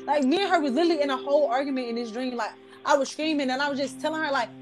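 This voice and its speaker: A woman's voice: high voice, rapid-fire, few pauses, soft background music. A young woman telling a story casually and with animation, peppered with "like" and slang. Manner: animated, slangy, repeats "like" and "I was like". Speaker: vlogger.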